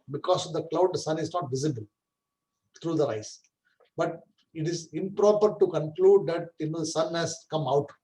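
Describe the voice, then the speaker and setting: Mellow-voiced man teaching scripture. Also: fairly high pitch, rough recording. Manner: explains patiently, checks understanding with "right?" and "correct?". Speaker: Vedanta teacher. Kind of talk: scriptural class lecture.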